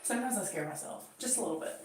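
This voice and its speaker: Her mid-range voice races along with lively intonation and a slightly mellow quality as this woman chats with live viewers on her channel, laughing often and talking to her cat while cleaning her home bathroom. The room echoes, her voice sounds distant, and there's faint background noise.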